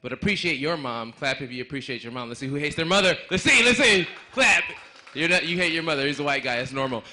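A man doing a stand-up comedy set on a club stage, joking loudly and working the crowd. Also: fairly high pitch, animated, quick pace, slight background noise. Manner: loud, playful crowd work.

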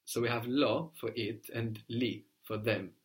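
A man teaching a spoken language lesson, explaining patiently and repeating words slowly for his student. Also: mid-range voice, steady tone.

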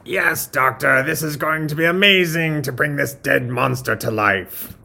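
A man's voice: a little high, measured pace, vocal fry, sharp tone, voice pushed up, heavily acted. A man voicing a timid, nervous male lab assistant who stammers and hesitates.

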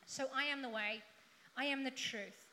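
A woman preacher gives a conversational sermon in a church hall, tossing humorous asides to the congregation. Her voice is high-pitched and sharp at normal speed, and the echoey hall carries faint background noise.

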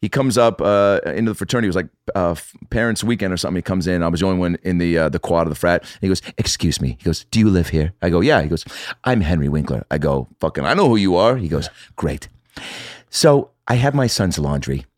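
Guy with a real deep voice telling wild stories, cussing a lot, dry close sound. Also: fast talker, no room sound. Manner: animated storyteller, swears, acts out quotes. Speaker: podcast guest. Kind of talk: casual chat.

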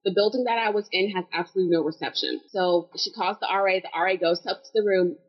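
Young woman, husky voice, animated storyteller who acts out the quotes, slightly dull recording. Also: mid-range voice, fast. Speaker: panel guest. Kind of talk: casual storytelling.

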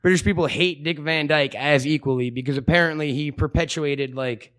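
A man's voice: a little high, fairly quick, a bit bright. A young man co-hosting a podcast, rambling and mocking in crude, swear-filled comic chat. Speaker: podcast co-host.

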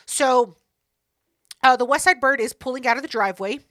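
A woman's voice: high-pitched, normal speed, a bit bright, dry recording, studio quality. A woman co-hosting a podcast, telling a story in a blunt, profane, rambling way and correcting herself as she goes. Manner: self-correcting, rambling asides. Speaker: podcast co-host. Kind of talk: casual storytelling chat.

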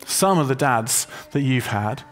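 A man preaching a sermon to a congregation, conversational and gently humorous as he explains a word. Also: mid-range voice, lively intonation, a little slow. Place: church hall with a congregation.

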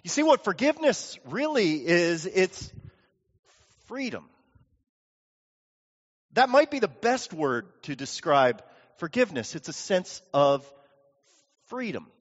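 Captured in dull lo-fi audio with long hall reverb, a pastor preaches in a church sanctuary in a high, very animated voice. He speaks slowly with long pauses, telling stories and acting out the people he quotes.

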